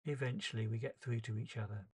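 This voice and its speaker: A man's voice: mid-range voice, fairly even intonation, fast talker, breathy edge. A man performing an emotional first-person dramatic monologue as storyteller, earnest and shifting pace with the tension.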